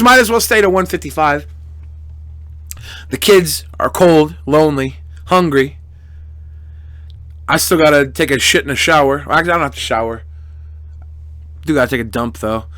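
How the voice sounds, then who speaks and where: Brash, profane young man streamer, bright voice. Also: a little high, no echo, studio quality. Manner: crude, profane, mock-angry banter with chat. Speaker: live streamer. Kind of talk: casual live-stream chat reading donations.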